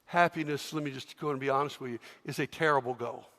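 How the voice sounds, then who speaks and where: A man preaching a sermon as pastor, telling stories with lively acted scenes. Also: medium pitch, fast. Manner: animated storytelling, acts out scenes. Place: large church. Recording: long church hall reverb.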